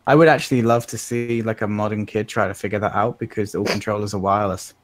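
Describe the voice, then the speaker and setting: A man's voice: fairly low pitch, steady tone, quick pace. A man on a casual podcast, telling stories and explaining things in detail.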